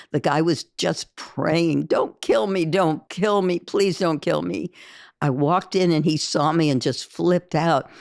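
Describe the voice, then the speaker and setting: A woman's voice: low-pitched, darkish tone, dry recording, studio quality. A woman reading a first-person memoir aloud, with an intense, emphatic delivery that rises for heated quoted speech. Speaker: audiobook reader.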